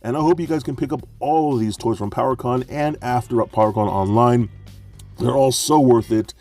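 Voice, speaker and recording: An excited man reviews collectible toys, gushing and tripping over his own words as he restarts sentences. His voice has a warm, mellow tone at a middle pitch. Faint music plays underneath. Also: brisk. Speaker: toy reviewer. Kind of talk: enthusiastic toy review.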